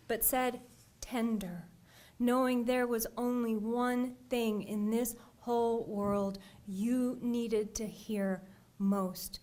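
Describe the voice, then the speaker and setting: A woman poet giving a deliberate poetry reading, her phrases trailing off into a breathy near-whisper. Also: fairly high pitch, fairly even intonation, darkish tone.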